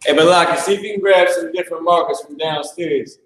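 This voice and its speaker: A man's voice: on the high side, a little fast, fairly bright tone. Man teaching in a very echoey room. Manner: slangy, blunt and profane, drifts into asides. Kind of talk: loose classroom lecture. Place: classroom.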